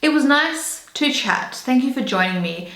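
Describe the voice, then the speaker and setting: A woman's voice: high-pitched, animated, normal speed, fairly bright tone. A young woman chatting casually while doing her makeup, rambling and correcting herself as she goes. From Australia. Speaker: beauty vlogger. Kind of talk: casual get-ready-with-me chat. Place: home room indoors. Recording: roomy echo.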